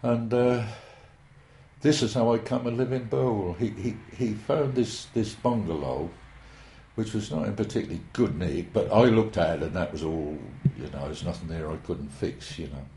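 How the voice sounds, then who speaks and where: An elderly man tells old stories in a rambling, hesitant, folksy way. His voice sits low and mellow. The recording carries a roomy echo. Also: moderate pace. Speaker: interviewee. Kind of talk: oral history reminiscence.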